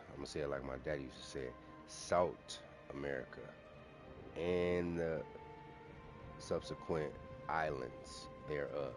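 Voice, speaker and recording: A man talking casually on his own channel, rambling with restarts and self-corrections as he goes. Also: a bass voice. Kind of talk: casual solo commentary.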